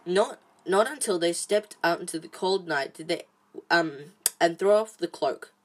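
Woman reading a novel aloud, halting. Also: fairly low pitch. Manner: halting, frequent restarts and fillers. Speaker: storybook reader.

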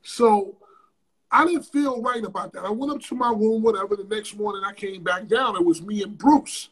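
High, husky man telling a wild story. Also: normal speed. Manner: profane, animated storyteller with sudden loud bursts. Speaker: interview guest. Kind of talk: casual storytelling.

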